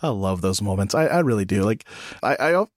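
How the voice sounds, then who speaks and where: A man's voice: lowish voice, lively intonation, dry recording. Reflective man hosting a podcast, dry close sound. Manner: reflective, halting with frequent restarts. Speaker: podcast host. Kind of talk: casual podcast conversation.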